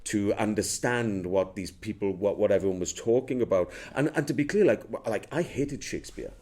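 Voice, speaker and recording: Welsh guy, middle-aged, lowish voice, rambly interview chat full of restarts. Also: fairly quick, darkish tone. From Wales. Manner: rambling, many restarts and fillers. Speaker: actor, interview guest. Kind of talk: casual interview talk.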